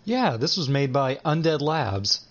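Lively-pitched man on a gaming podcast. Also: measured pace. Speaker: podcast co-host. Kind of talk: casual gaming chat. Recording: dull lo-fi sound.

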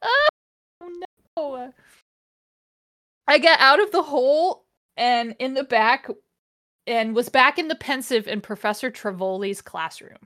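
A woman hosts a podcast and reads a fanfiction aloud. Her voice is bright and fairly high, and she keeps stopping for wry, exasperated asides. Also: animated, takes it slowly, pauses often, no room sound, clean studio sound. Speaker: podcast host. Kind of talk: reading a fanfiction aloud with commentary.

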